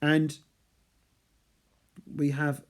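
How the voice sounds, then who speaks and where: A literature teacher with a fairly high-pitched voice speaks very slowly and in a completely flat way. He gives a chatty chapter analysis lesson, reading passages aloud and explaining them with playful asides.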